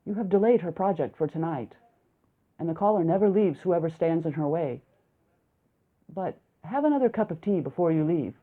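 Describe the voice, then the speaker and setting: A calm, measured male village doctor asks his questions slowly in an audiobook, read by a woman slightly lower than her usual voice. The sound is thin and tinny, like a phone line.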